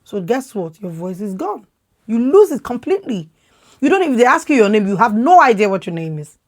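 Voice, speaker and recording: A Nigerian woman in her thirties hosting a podcast, talking with strong conviction, loud and expressive, repeating words as she presses her points. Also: a little high, brisk. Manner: emphatic, repeats words when worked up. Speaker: podcast host. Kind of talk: impassioned opinion talk.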